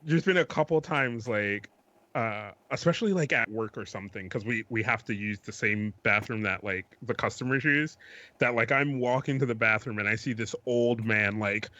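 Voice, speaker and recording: A man co-hosting a casual podcast, telling halting, self-deprecating anecdotes. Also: fairly low pitch, sharp tone, dry recording, muffled recording. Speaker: podcast co-host.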